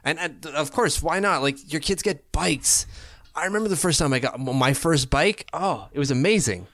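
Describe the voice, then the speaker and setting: A man co-hosting a hockey podcast in casual chat. He talks in an animated, opinionated way, often restarting his sentences. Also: a little high, moderate pace, no echo.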